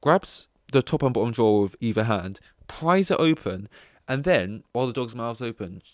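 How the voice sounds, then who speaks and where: A man's voice: medium pitch, animated, moderate pace, no echo, clean studio sound. A young English man hosting a casual solo podcast, rambling and swearing as he tells a story and breaks off his own sentences. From England. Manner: rambling, swears, self-interrupting. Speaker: podcast host.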